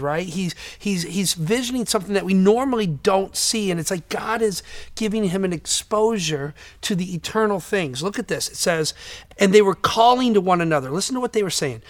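A pastor preaches a sermon in a church in a voice that sits high, at a moderate pace. He's earnest, often repeats words, and swells loud whenever he quotes scripture.

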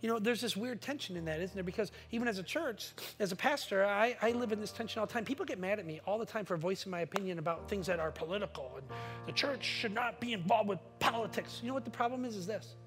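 Impassioned pastor preaching a sermon. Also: male voice, high-pitched, fast, over music. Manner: impassioned, building to emphatic peaks and dropping to quiet asides; repeats words when restarting.

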